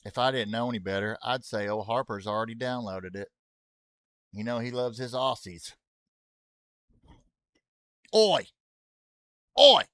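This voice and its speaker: Low-pitched and steady at a normal pace, with a somewhat bright tone, this man streams a racing game and talks casually to his audience. He wanders off-topic with jokes and addresses chat with "y'all" asides; the studio audio is clean, with no room sound.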